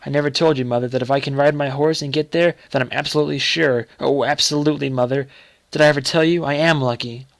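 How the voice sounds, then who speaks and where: A feverish young boy, wild and obsessed, pushes his words out high and urgent, as a man reading the story puts him on. The voice is gravelly and dry, close to the mic. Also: steady tone, quick pace, no echo. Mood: feverish insistent.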